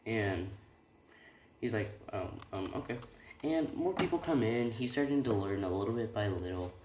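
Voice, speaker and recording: A man's voice: lowish voice, lively intonation, normal speed, background noise. A young man improvising a fan-fiction story, rambling and correcting himself as he goes. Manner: rambling, self-correcting, lots of "he's like". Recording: roomy with keyboard clicks.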